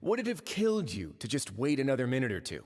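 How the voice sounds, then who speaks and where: A man's voice: medium pitch, huge pitch swings, fast talker, darkish tone, big-room sound. A man voicing a suave male prison warden with a wry, drawling manner. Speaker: game character.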